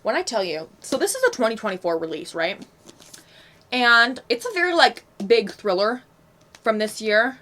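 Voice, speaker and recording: A woman's voice: on the high side, big pitch swings, normal speed, pushed and bright. A young woman casually reviewing books she read, chatty and frank with lots of fillers and asides. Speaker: book vlogger. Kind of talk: casual book review vlog.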